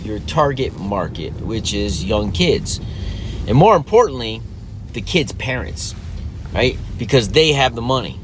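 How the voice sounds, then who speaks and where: A man's voice: mid-range voice, big pitch swings, measured pace, a little hiss or hum. A man casually telling a story about his child, talking conversationally with frequent restarts and lots of reported dialogue. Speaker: father telling a parenting story.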